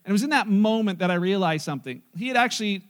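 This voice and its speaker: A man in his forties, a pastor, giving a conversational sermon full of animated family stories, acting out voices and laughing. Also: high-pitched, fast talker. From North America. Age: 40s.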